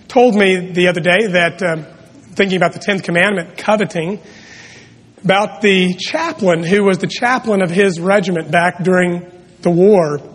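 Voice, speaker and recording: A middle-aged male pastor preaching earnestly, with dramatic pauses and emphatic rises. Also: high-pitched, husky. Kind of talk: sermon with prayer and storytelling. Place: church sanctuary. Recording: long reverb of a church hall.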